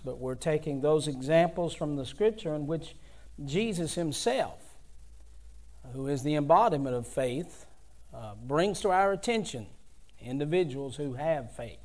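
A man delivering a sermon, his voice sitting a bit high for a man. He speaks slowly and deliberately, then climbs into emphatic bursts as he reads scripture. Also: darkish tone. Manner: rising to emphatic bursts when reading scripture. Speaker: preacher.

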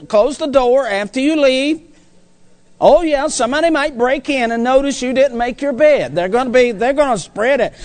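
A male preacher delivering a sermon in an emphatic, folksy way, repeating phrases for stress. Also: extremely high pitch.

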